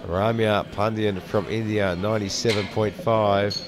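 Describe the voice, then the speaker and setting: A man's voice: on the low side, fairly even intonation, measured pace. A man doing live sports commentary from a commentary box, announcing each lifter's name, country and weight before adding his analysis. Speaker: powerlifting commentator. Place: commentary box at a competition venue. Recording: crowd noise at a live event.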